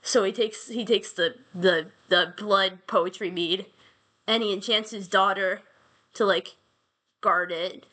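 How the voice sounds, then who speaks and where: A woman's voice: medium pitch, fairly even intonation, slow pace, sharp tone. A woman telling an old myth in a casual, rambling way, full of slang and restarts. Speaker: podcast host.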